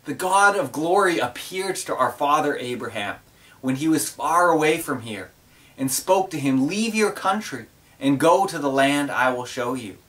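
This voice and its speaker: Guy doing a calm compassionate man on trial, earnest, kinda distant. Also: on the high side, moderate pace.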